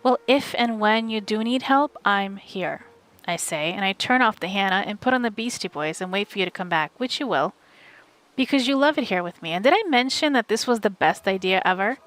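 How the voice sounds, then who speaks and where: A woman streamer reading a novel aloud live from home, in steady, wry first-person narration. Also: mid-range voice, quick pace.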